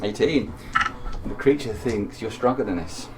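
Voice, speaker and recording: A man's voice: lowish voice, expressive, noisy background. A man acting as dungeon master, narrating combat and calling rolls in a tabletop game session. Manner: narrates combat briskly between rules calls. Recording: distant mic with music behind.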